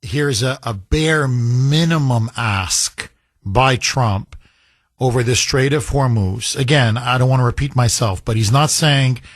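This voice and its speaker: A man's voice: mid-range voice, measured pace, no echo, clean studio sound. A man hosting a political talk radio show, speaking emphatically and firing off rhetorical questions. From United States.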